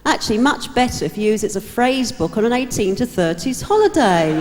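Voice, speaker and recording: A woman's voice: fairly high pitch, expressive, fairly quick, hardly any pauses, noisy background. Wry woman comic on a live stage. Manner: chatty, wry storytelling. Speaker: comedian. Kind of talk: stand-up routine. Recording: live hall reverb.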